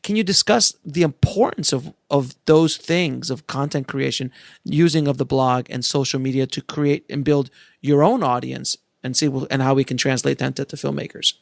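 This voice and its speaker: A man hosting a podcast interview, warmly complimenting his guest before asking long, winding questions. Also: medium pitch, steady tone, normal speed, gravelly, no room sound, studio quality. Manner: effusive, complimentary. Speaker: podcast host. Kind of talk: casual interview chat.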